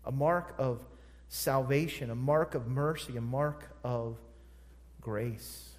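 A man's voice: medium pitch, takes it slowly, darkish tone. A man preaching a sermon, emphatic and repeating phrases for stress. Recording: long hall reverb.

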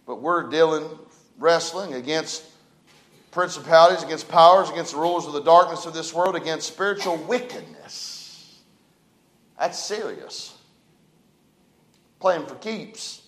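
High-voiced preacher in an echoey church. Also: male voice, unhurried, long pauses. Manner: folksy, dynamic preaching with big swings in loudness. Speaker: pastor. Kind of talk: sermon. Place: church sanctuary.

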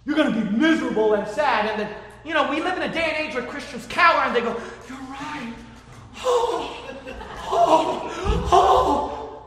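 Fervent male preacher in an echoey hall. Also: fast. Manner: fervent, emphatic preaching that swings from low talk to shouting. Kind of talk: sermon. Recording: echoey hall with long reverb.

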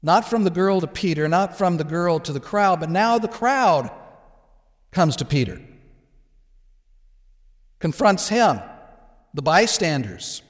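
A man's voice: high voice, expressive. Man preaching in a reverberant sanctuary. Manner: explanatory, measured, with frequent restarts and asides. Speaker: pastor. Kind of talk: expository sermon. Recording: long hall reverb.

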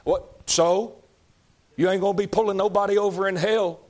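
A man preaching a fiery sermon, emphatic and repetitive, rising to shouts. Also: high-pitched, steady tone, normal speed. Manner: folksy, emphatic, shouting at peaks, repeats lines.

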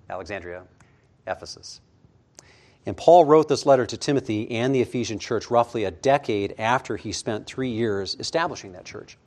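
With a voice on the low side, a man preaches an expository sermon in a measured way, letting his voice fall soft at the ends of phrases.

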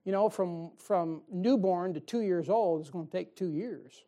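A man's voice: high-pitched, a little slow, warm tone. A man preaching an evening sermon in a folksy, joking way, chuckling often and asking the congregation rhetorical questions.

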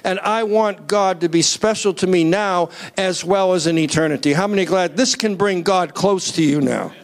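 Male preacher, high-pitched, animated sermon delivery that rises to near-shouts and calls on the congregation. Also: moderate pace. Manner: asks the crowd to raise hands.

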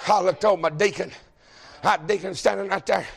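A pastor, preaching a folksy, joking sermon that builds to shouting. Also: male voice, sits high, steady tone, brisk, vocal fry, a crowd in the background.

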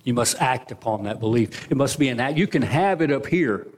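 A man preaching a sermon in a church, firing rhetorical questions at the congregation and swinging from loud to hushed. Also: medium pitch, animated, a little fast. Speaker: pastor. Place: church sanctuary.

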